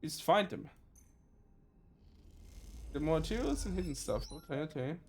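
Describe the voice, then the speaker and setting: German-accented male streamer, a touch high-pitched, reads game narration aloud in a halting, self-correcting way. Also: very animated, a little mellow, a little hiss or hum. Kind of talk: reading game text aloud in a let's play.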